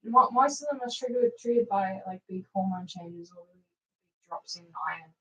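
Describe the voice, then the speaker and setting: A woman's voice: medium pitch, normal speed, low-quality recording. Brief: woman, livestream co-host, hesitant casual talk. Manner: hesitant, lots of likes and ums.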